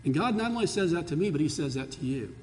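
A male pastor preaching a sermon with passion, rising to loud pleas and dropping to hushed lows. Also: lively intonation, fast talker, a little hiss or hum. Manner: impassioned, swinging between loud pleading and hushed lows. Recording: long hall reverb.

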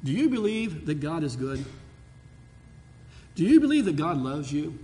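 A male pastor preaching a sermon with passion, rising to loud pleas and dropping to hushed lows. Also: very animated, unhurried. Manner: impassioned, swinging between loud pleading and hushed lows. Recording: long hall reverb.

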